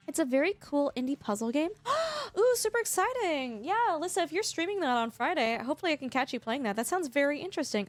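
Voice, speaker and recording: A woman's voice: high voice, dry recording. A woman streamer chatting casually with her live viewers, bubbly and effusive, laughing often.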